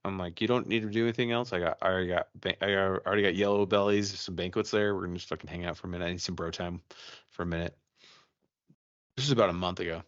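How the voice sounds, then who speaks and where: A man's voice: deep voice, steady tone, quick pace, a bit bright, no room sound, lo-fi sound. A man co-hosting a podcast, chatting casually and telling a ghost story, profane and rambling with many restarts. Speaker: podcast co-host.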